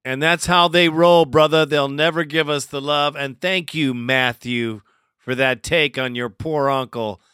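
A man's voice: a little high, fairly even intonation, measured pace, bright, forceful tone, clean tone, dry recording. A male host introducing callers in an amused, chummy way. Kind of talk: call-in show hosting.

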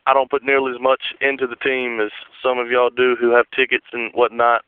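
A man's voice: mid-range voice, monotone, fairly quick, clean tone. A disgusted male caller venting and swearing about his team on a call-in show. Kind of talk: call-in rant. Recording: dry phone line.

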